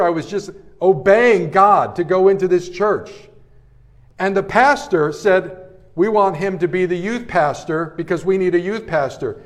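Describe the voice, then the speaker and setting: Animated middle-aged male preacher. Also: sits high. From New Jersey area, Italian-American family. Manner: animated preacher, swings between hushed and loud. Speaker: pastor. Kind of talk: sermon with personal storytelling.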